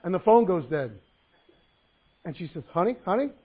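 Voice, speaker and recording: High-voiced man preaching over a tinny line. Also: lively intonation, moderate pace, slightly rough. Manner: folksy storytelling with jokes and Bible reading. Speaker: pastor. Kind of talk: sermon. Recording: phone-like narrow sound.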